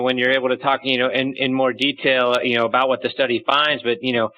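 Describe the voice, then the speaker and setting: A man's voice: mid-range voice, dull audio. A man hosting a radio interview, asking loose questions full of fillers. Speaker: radio show host.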